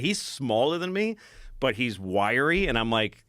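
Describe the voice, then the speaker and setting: A man's voice: medium pitch, big pitch swings, measured pace, bright, forceful tone, no echo, clean studio sound. A man talking as a podcast guest, rambling and self-deprecating as he tells a story in casual chat. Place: podcast studio.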